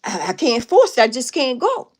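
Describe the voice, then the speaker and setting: On a live stream, a woman casually tells her viewers a story, animated and emphatic, repeating herself a lot. Her voice is on the high side and her pace is normal.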